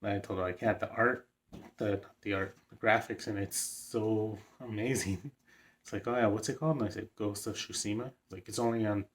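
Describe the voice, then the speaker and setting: A young man talks casually to the camera in a vlog, telling a story in a low voice. His delivery is fairly flat and level, rambling along with plenty of fillers and an occasional excited chuckle. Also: normal speed, slight background noise. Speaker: vlogger.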